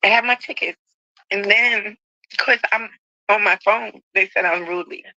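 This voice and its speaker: A woman passenger filming herself on a phone in an airport, ranting fast and indignantly. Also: medium pitch, sharp tone, dry recording, dull audio. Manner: upset, indignant, talks fast. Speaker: airline passenger. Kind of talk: self-filmed rant.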